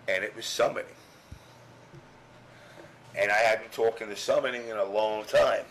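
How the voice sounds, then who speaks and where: A man's voice: fairly low pitch, fairly even intonation, a little slow, vocal fry, long pauses, a bit bright, a little hiss or hum, low-quality recording. A middle-aged man from New York telling a rambling, profane story in casual chat, full of fillers. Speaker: podcast guest, former strategy guide writer.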